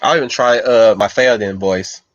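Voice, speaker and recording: A man with a fairly low voice hosts a casual livestream and thinks aloud as he responds to his chat. He wanders from point to point in a loose, unscripted way. The sound is dry and a little dull, like a basic home mic. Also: normal speed, no echo. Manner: loose, meandering, thinks aloud while answering viewers. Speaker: livestream host reading chat.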